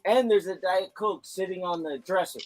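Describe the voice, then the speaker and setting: A man's voice: high voice, moderate pace, no room sound, faint music behind, low-quality recording. A man who works as a delivery driver, telling stories in casual chat and swearing often. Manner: animated storytelling, frequent swearing.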